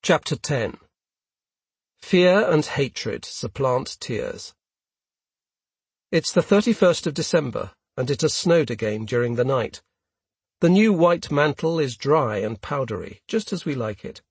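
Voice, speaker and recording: A man reading a first-person story aloud in a measured, steady way. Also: medium pitch, breathy edge, no echo. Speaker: audiobook narrator. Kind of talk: scripted first-person narration.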